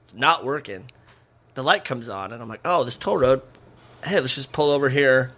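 A man in casual chat, chiming into a shared story with quick interjections. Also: medium pitch, expressive, fairly bright tone.

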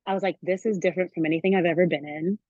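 A young adult woman chatting as a guest, telling a story with lively acted-out quotes. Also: fairly low pitch, very fast, dry recording, highs cut off. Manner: animated storyteller, acts out quoted voices. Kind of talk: casual chat.

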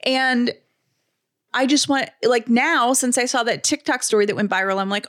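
A woman co-hosting a podcast in casual chat, animated and chatty, quick to get worked up. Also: fairly high pitch. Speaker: podcast co-host.

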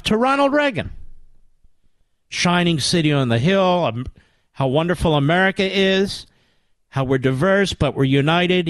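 Older male radio host from Philadelphia, emphatic sarcastic delivery, pitch rises and falls widely. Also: no echo. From Philadelphia area, US. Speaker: radio talk show host. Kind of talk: political talk radio monologue.

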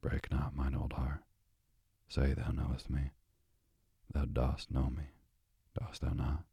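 A man voicing an old king, deep and gravelly. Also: monotone, slow pace, dark tone, no room sound, exaggerated voice. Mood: tender. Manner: archaic, pleading speech. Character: stern but tender old male king.

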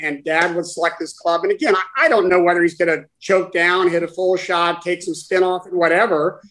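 A man in his sixties, a guest, telling a personal story in conversation in a halting, heartfelt way with many restarts. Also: high voice, fairly bright tone, low-quality recording. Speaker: guest, former caddie for his father.

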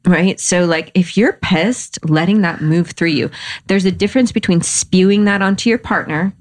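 A woman's voice: on the low side, normal speed. A woman guest on a podcast, talking casually and animatedly, often laughing and acting out little scenes. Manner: animated, laughing, acts out voices and groans. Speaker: guest author and spiritual teacher.

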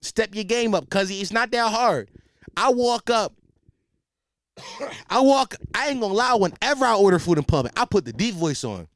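High, lively young man ranting. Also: moderate pace, dry recording, clean studio sound. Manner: animated, profane, slangy, repeats himself. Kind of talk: comedic rant.

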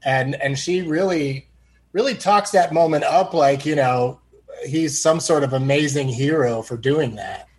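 A man's voice: on the high side, unhurried. A man guesting on a podcast, laid-back in casual chat, chuckling as he talks. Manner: laid-back, laughs between phrases.

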